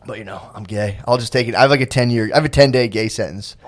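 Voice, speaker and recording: A man's voice: medium pitch, fast talker. A man talking as a podcast guest in casual chat, rambling and self-deprecating, calling himself sensitive.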